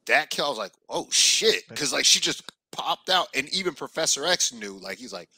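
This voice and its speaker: A man with a very bright, sharp tone talks in an excitable, profane way. His pitch swings widely. The sound is dry and close. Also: brisk, slightly rough, no echo. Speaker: podcast co-host. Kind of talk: casual chat.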